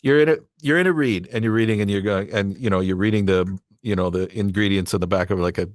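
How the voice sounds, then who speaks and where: A man's voice: fairly low pitch, fast, no room sound, clean studio sound. A male voice actor telling rambling anecdotes about his work in a casual podcast chat. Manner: rambling anecdotes with restarts and acted quotes. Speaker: voice actor guest.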